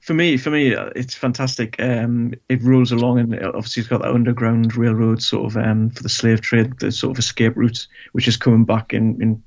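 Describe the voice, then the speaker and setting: Hesitant male guest with a gravelly, monotone voice. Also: mid-range voice, fairly quick, hardly any pauses, dull audio. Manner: hesitant, many fillers. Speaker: podcast guest. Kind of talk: casual chat.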